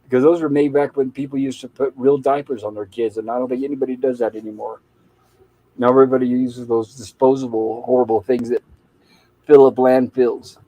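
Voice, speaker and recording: A man's voice: medium pitch, fairly even intonation, a little fast, mellow, rough recording. A man casually retelling a TV episode scene by scene as a podcast co-host, quoting its lines in his own plain voice.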